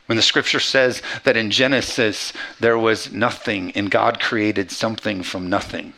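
A man preaching a lively sermon with a gravelly edge in his voice. His tone is bright and forward, and he slips into quick back-and-forth dialogue to act out the scenes he retells. He keeps pressing the congregation with questions. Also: fairly low pitch. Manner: animated preaching, acting out Bible characters in quick dialogue. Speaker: pastor.

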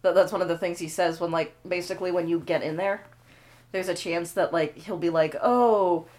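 A woman's voice: fairly low pitch, level tone, brisk, darkish tone. A woman co-hosting a comedy podcast, chiming in with blunt, crude interjections. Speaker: podcast co-host. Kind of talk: casual banter.

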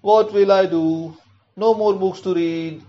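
A man's voice: on the high side, animated, slow, dull audio, pitched above the performer's own voice. A man voicing a small, eager girl who loves books, in a storybook reading.

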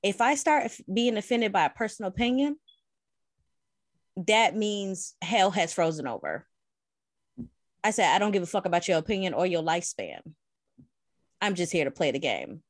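A woman in casual podcast chat, telling an animated, profane story with plenty of laughs. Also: medium pitch, moderate pace, long pauses, no room sound, studio quality. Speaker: podcast co-host.

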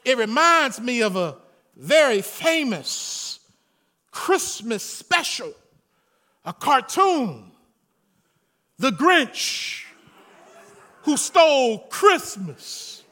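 A high-pitched male pastor, preaching in a lively, storytelling way. His tone is piercingly bright and his pitch swings widely as he builds from chatty humor to shouted praise. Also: very slow, pauses often. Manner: animated preaching, rising to shouts. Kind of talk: sermon.

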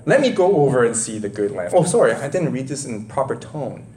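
Animated preacher man, roomy echo. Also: medium pitch, a little fast, a crowd in the background. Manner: animated, conversational, rhetorical questions. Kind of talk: sermon.

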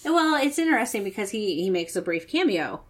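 A woman's voice: mid-range voice, very animated, a little fast. A woman in casual chat about a film, mostly giving short agreeing replies. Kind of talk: casual movie review chat.

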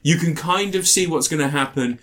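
A man co-hosting a podcast, retelling film scenes in a rambling, animated way with playful put-on voices. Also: a little high, a little fast. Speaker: podcast co-host. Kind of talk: casual film review chat.

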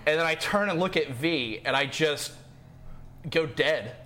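A man's voice: on the high side, animated, measured pace, bright, forceful tone, faint music behind. A man playing a tabletop game, describing his character's actions with strong emotion. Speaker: player. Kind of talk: tabletop game role-play.

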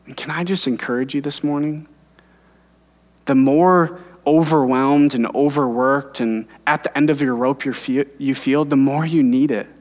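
A man's voice: medium pitch, steady tone, moderate pace, a little mellow. A man in his thirties, a pastor preaching an earnest sermon and telling personal stories. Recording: long hall reverb.

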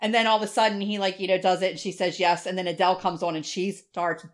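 A woman's voice: on the low side, fast. Middle-aged woman rambling thru a story on a podcast, swears a lot, does little voices for people. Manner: animated storytelling, swears freely, mimics voices. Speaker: podcast co-host. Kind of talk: casual chat.

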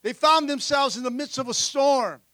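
A man preaches a lively sermon in a very high, bright voice. He drives his points home with repeated calls of "amen" and bursts into the voices of the characters he describes. The sound is close and dry. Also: normal speed, no room sound. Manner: energetic preaching, frequent "amen", acts out disciples' voices. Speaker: pastor. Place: church sanctuary.

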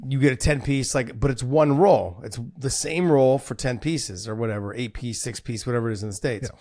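Rambling, laughing podcast host, middle-aged man, average pitch, dry close mic. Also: fairly quick, warm tone, no echo. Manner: chatty, laughing, rambling storyteller. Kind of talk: casual chat.

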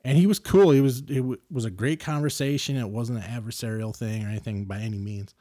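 A middle-aged man hosting a podcast, telling a story casually and getting animated and louder as he gets worked up. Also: medium pitch, quick pace, no room sound, clean studio sound. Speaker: podcast host.

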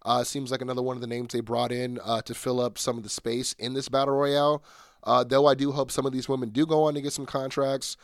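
Speaking quickly in a level, medium-pitched tone, a man hosts his own podcast alone. His talk is casual and rambling, packed with fillers and false starts, captured in a dry, clean studio recording.

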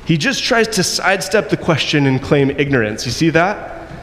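A man preaching a sermon, acting out the quoted voices and moving between loud and soft passages. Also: a little high, sing-song, moderate pace. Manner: acts out quoted voices, varies loudness widely. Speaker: pastor. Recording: long echo in a hall, faint noise.

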